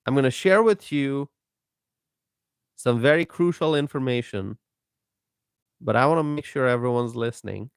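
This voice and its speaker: A man hosting a political commentary live stream, talking in a slow, emphatic way, repeating himself and greeting viewers by name. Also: mid-range voice, smooth, no echo, clean studio sound.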